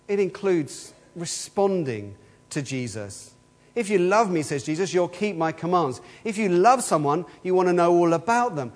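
A man preaching a sermon in an earnest way, asking the same questions again and again. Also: fairly high pitch. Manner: earnest, repeats rhetorical questions. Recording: long hall reverb.

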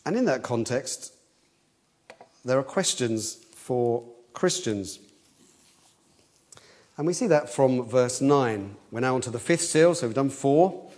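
This man delivers an expository sermon earnestly and at a slow pace, pausing often in an animated, slightly mellow voice. He repeats words as he thinks aloud, and on quoted cries his voice climbs in pitch and force.

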